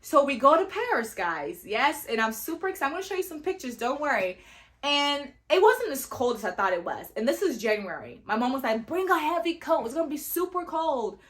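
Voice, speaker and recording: A young woman from Sierra Leone telling a travel story in a casual vlog, animated and full of "you know" fillers. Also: high-pitched, brisk. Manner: animated, acts out quoted voices, many fillers like "you know". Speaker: vlogger.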